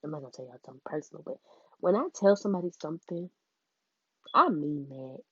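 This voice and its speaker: A young woman tells a casual storytime vlog, animated and quoting people in changing voices. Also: sits low, quick pace, slightly rough, no echo, highs cut off.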